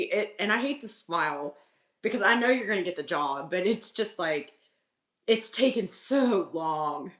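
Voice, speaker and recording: A woman's voice: medium pitch, a bit bright. A woman giving a casual live tarot reading, chatty and full of "like", laughing often and repeating her messages insistently. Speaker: tarot reader and channeler on a live stream. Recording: roomy echo.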